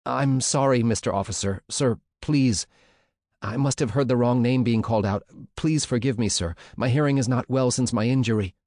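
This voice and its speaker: A man's voice: mid-range voice, moderate pace, darkish tone, no echo, studio quality, pitched above the performer's own voice, lightly acted. A man voicing a terrified teenage boy prisoner who pleads and rambles desperately, in an audiobook. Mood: groveling plea.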